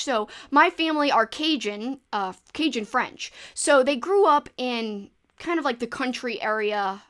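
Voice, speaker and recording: A woman from New Orleans, Louisiana, with a matching accent, hosts a casual livestream and chats while reading viewer comments. She's rambling and chatty, full of quick asides. Her voice is slightly high and a bit bright.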